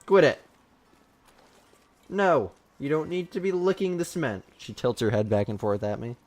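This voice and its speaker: A man's voice: medium pitch, very animated, a little fast, darkish tone, faint music behind. A man streaming a hunting game live, chatting casually and scolding his dog between shots.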